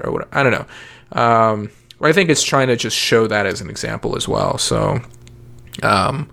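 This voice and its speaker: A man's voice: mid-range voice, expressive, normal speed, vocal fry, a bit bright. A man talking casually about parenting and cars, rambling with many fillers and restarts. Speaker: parent podcast guest. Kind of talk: casual chat.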